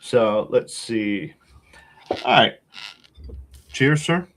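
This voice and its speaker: A man's voice: mid-range voice, animated, very slow, fairly bright tone, a little hiss or hum. A man co-hosting a casual podcast, talking in a laid-back, rambling way with lots of fillers and a wry, sarcastic streak. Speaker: podcast co-host.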